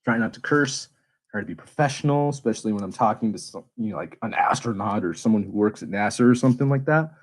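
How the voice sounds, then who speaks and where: A man hosting a casual livestream, chatting candidly and swearing freely, and now and then working himself into animated rants. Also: on the low side, fast, rough recording. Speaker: space YouTuber and livestream host.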